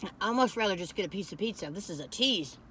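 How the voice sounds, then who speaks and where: A woman's voice: mid-range voice, expressive, fast, bright, forceful tone, slight background noise. An older woman, rambling in a folksy, chatty way as she reviews food on a phone camera in a parked car.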